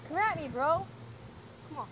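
A woman's voice: high voice, lively intonation, moderate pace, a bit bright, a little hiss or hum. A young woman vlogging at home in a casual, playful, teasing way. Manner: playful, teasing trash talk. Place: house, indoors and outside.

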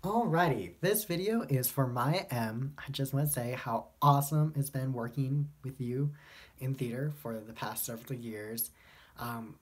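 A teenage young man records a casual goodbye message, upbeat and easygoing with a few fillers. His voice is somewhat husky and sits at an ordinary pitch. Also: a little slow. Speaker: student theater member closing the video.

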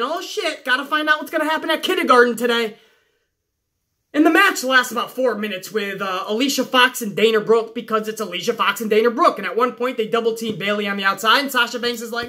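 High, bright, profane woman ranting. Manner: exasperated, sarcastic, swears a lot. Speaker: wrestling show reviewer. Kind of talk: profane recap rant.

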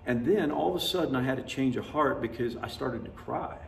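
A man preaches in a relaxed, folksy way, moving between stories and points and often laughing at himself. His mid-range voice carries from some distance off the mic. It rings through a roomy church with a faint hum of ambience behind it. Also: medium pitch, brisk, gravelly. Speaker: pastor. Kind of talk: sermon. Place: church sanctuary.

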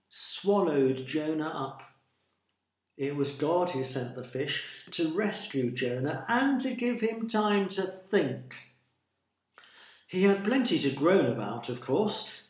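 A man telling a Bible story for a church reflection in a slow, deliberate, expressive way. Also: a little high, roomy sound.

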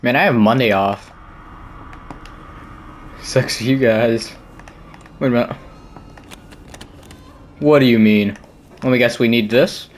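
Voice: medium pitch, slow, pauses often. A streamer playing a horror game live, reacting with jokes and sudden exclamations while chatting with viewers. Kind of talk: live gameplay commentary.

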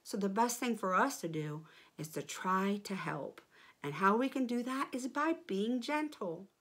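A woman's voice: mid-range voice, expressive, a little slow, fairly bright tone. A woman leading a children's church lesson, speaking in an encouraging way to kids.

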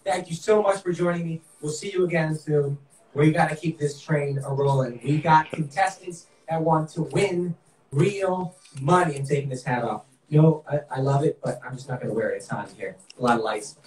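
A man's voice: fairly high pitch, moderate pace, a little mellow, reverberant, recorded from a distance, poor audio. A man with a Boston accent hosting a live-streamed game show, hyped up and talking straight to viewers. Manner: upbeat, hyped, talks to viewers.

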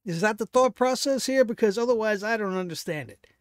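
A man's voice: sits high, brisk, smooth, no room sound, clean studio sound. A man hosting a wrestling review show, giving solo commentary in a sarcastic, exasperated rant that turns profane.

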